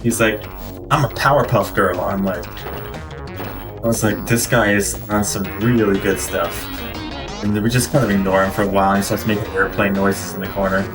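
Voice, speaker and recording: Rambling low-voiced man telling stories. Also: steady tone, normal speed, recorded from a distance, music in the background. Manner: rambling anecdotes, many fillers and restarts. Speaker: gaming streamer. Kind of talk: casual storytelling while playing.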